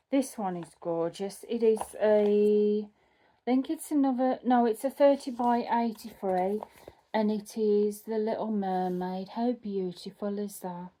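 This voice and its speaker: Woman, casual craft vlog chat, unhurried, warm dark tone, self-correcting. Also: medium pitch, a little hiss or hum. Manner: chatty, thinking aloud, self-correcting. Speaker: cross-stitch vlogger. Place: home.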